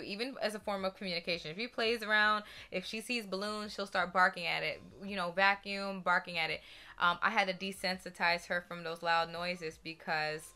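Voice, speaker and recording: Bright-voiced animated woman vlogger. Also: lowish voice. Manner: animated, expressive talker. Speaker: dog-training vlogger. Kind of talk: casual advice vlog.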